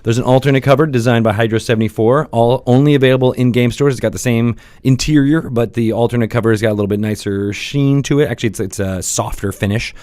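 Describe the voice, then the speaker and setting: A young man hosting a podcast in casual studio chat, rambling with lots of fillers and quick laughs. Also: mid-range voice, fairly even intonation, darkish tone. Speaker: podcast host.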